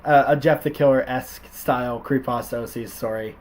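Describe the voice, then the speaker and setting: A man's voice: mid-range voice, steady tone, fairly quick. A man hosting a casual chat, reading stories aloud with frequent laughs and swearing. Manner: laughs often, swears, jokey. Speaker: host.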